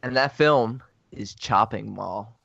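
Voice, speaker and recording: A man in casual podcast chat, pitching ideas in a deadpan way. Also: slow, vocal fry, no echo, highs cut off.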